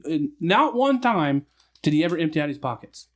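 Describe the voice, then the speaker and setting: A man co-hosting a podcast, telling a store security story in a profane, animated way with frequent laughs. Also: on the high side, moderate pace. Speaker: podcast co-host, store loss prevention. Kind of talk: casual storytelling chat.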